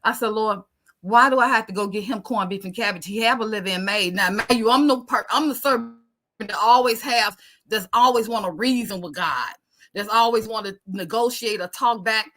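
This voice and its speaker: A woman giving an animated testimony, acting out the voices in her story. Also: mid-range voice, normal speed. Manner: expressive, acts out dialogue, Southern American speech patterns.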